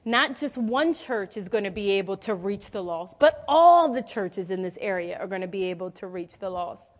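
A woman's voice: mid-range voice, lively intonation, normal speed. A woman in her forties preaching a sermon in a conversational, storytelling way, calling out questions to the congregation. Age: 40s.

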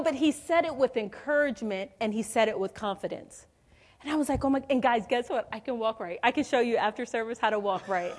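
A woman's voice: fairly high pitch, expressive, quick pace. A woman in her forties preaching a sermon in a conversational, storytelling way, calling out questions to the congregation. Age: 40s.

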